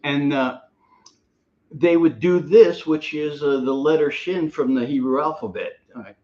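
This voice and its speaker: A man with a slightly high voice, chatting casually as a co-host. He rambles through anecdotes and laughs often. The sound is dull and lo-fi. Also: measured pace, a little mellow. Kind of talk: casual chat.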